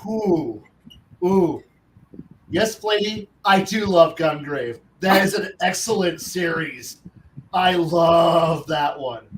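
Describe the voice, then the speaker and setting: A man in a casual live-stream chat, excitable and quick to laugh. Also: fairly high pitch. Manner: excitable, bursts into laughter and silly voices. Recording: echoey, distant mic with faint hiss.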